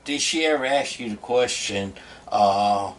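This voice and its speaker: A man's voice: medium pitch, a little slow, a little hiss or hum. A man, joking around as co-host and pleading for help in mock despair. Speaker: channel co-host. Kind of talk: casual chat.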